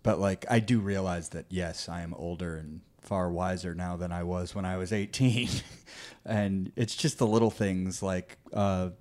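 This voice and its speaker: Male podcast co-host, lowish voice, profane ranter. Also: steady tone, measured pace, darkish tone. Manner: ranting, profane. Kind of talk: casual chat.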